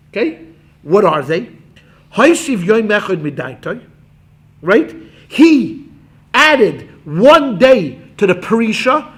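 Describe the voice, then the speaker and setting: A man teaching a Talmud class as a rabbi, animated and acting out quotes, quick asides to his students. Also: sits high.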